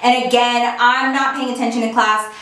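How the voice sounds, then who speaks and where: A woman's voice: on the high side, little pitch movement, normal speed, fairly bright tone. A woman vlogger telling a personal story to camera in a chatty, dramatic way, filling her talk with "like". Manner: chatty, dramatic, peppers speech with "like". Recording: very echoey room, far from mic.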